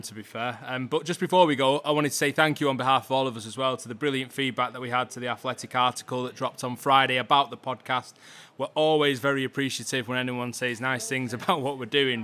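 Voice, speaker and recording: A man's voice: mid-range voice, bright, forceful tone. A man hosting a podcast from a football stadium, chatting cheerfully and laughing often. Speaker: podcast host. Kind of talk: casual podcast chat.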